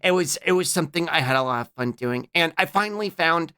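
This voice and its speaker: Halting, bright-voiced streamer man. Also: a little high, expressive, clean tone. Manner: halting, with repeated fillers and restarts; greets viewers by name mid-story. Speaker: livestream host. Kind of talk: casual chat to a live stream audience.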